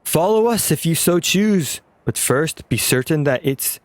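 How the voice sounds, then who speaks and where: A man reading a calm, formal older mentor. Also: fairly high pitch, no room sound. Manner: measured, formal, reading aloud.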